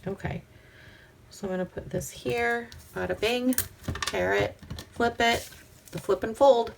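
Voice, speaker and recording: Woman crafting-vlog host, slow and unhurried, slight vocal fry, faint hiss behind. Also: fairly high pitch. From Pacific Northwest. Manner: chatty, talks to herself while working, drops to soft whispers. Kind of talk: casual crafting vlog chat.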